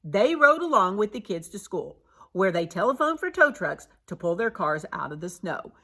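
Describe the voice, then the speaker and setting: A woman reading a children's picture book aloud, expressive and animated. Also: mid-range voice, moderate pace. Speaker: storybook reader.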